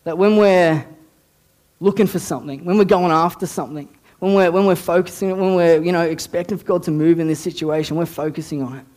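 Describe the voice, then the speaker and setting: A man preaching to his church in an easy, conversational way. His voice sits a little high, and he often repeats words and restarts phrases as he builds each point. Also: fairly even intonation, fairly quick, darkish tone. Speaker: youth pastor. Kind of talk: casual sermon.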